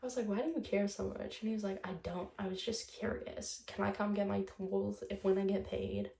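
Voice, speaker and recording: A woman's voice: medium pitch, level tone, brisk, gravelly, warm tone, echoey room. A young woman vlogger telling a breakup story in a chatty, casual monologue, swearing often and retelling conversations line by line.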